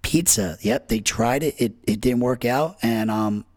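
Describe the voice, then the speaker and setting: A man's voice: medium pitch, measured pace, dry recording, clean studio sound. Laid-back male podcast co-host. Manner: laid-back, laughs often, uses slang. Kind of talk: casual chat.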